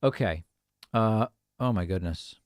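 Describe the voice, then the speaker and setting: A male talk show host on a casual live stream, reading viewer comments and articles aloud and thinking out loud with wry asides. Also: on the low side, measured pace, no echo, clean studio sound.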